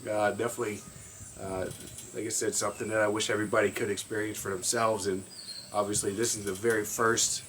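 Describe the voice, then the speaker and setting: A man with a fairly low voice talks in a halting, heartfelt way, restarting words and filling gaps with "uh." A faint hum of outdoor ambience and crickets sits behind him. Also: level tone, a bit bright. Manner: halting, repeats words, many fillers. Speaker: newly found brother. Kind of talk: casual emotional chat.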